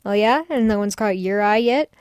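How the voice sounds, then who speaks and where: A woman's voice: medium pitch, normal speed, a little mellow, clear, resonant tone, dry recording, lightly acted. A woman reading a visual novel aloud, voicing a nervous, shy teenage schoolgirl who hesitates and stammers. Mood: flustered. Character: nervous shy teen schoolgirl, new student.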